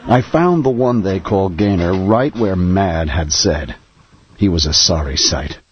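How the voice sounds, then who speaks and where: An actor playing a deadpan male noir detective with a Brooklyn accent, formal and polite, in a comedy radio play. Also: low-pitched, a little slow, breathy edge, heavily acted. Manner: deadpan, formal, sir-ending. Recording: slightly muffled recording.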